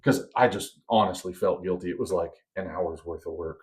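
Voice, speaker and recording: A man whose voice sits low talks at a moderate pace. He co-hosts a podcast, recounting a long story in a casual, animated style and voicing the different people in it.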